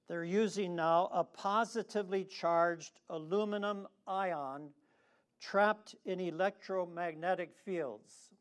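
A man preaching a sermon slowly and deliberately, with long dramatic pauses, and leading the congregation to repeat lines after him. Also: high voice. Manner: leads the congregation in responsive reading.

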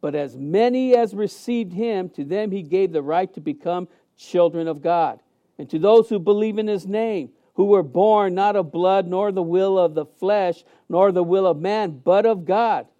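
A man preaching a sermon as pastor in a church sanctuary, emphatic and animated, with many fillers and restarts. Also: high voice, unhurried, highs cut off.

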